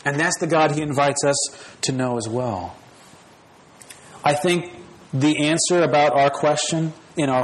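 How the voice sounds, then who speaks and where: A man's voice: a little high, low-quality recording. Man, pastor, sermon, earnest and personal, repeats phrases, faint background hiss.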